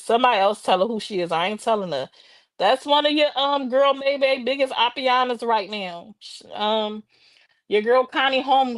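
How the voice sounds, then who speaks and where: A tired woman hosting a casual chat with her viewers, sassy and animated, talking while out walking a dog in the rain. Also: medium pitch, no echo. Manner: sassy, animated, slangy and drawling. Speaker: livestream host.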